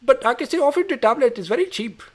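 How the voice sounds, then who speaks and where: A man doing an insistent phone salesman with an Indian accent, his voice pitched well up from his usual tone. He pushes the same offer again and again in eager, pleading patter, in a casual podcast bit. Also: lively intonation, racing. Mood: pushy. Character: pushy male phone salesman from a call centre.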